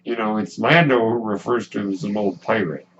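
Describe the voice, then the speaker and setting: Breathing with a ventilator audible in the background, this lowish-voiced podcast host delivers a relaxed, musing solo monologue full of pauses and restarts. The sound is dull and lo-fi, with a faint hum.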